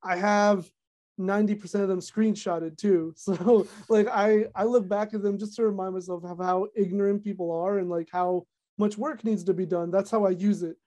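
A young woman, a content creator, chatting casually on a podcast, talking fast with lots of fillers and animated retellings. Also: medium pitch.

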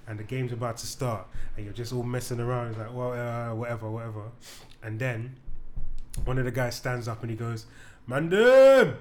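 A man with a London accent hosting a podcast, telling stories in a playful, animated way. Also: mid-range voice, brisk, slight background noise. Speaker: podcast host. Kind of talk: casual chat.

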